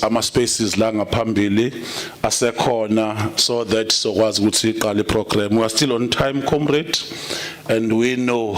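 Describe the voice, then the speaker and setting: A South African man chairing a political summit, mixing English and Zulu and calling everyone comrade. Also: fairly low pitch. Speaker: programme director.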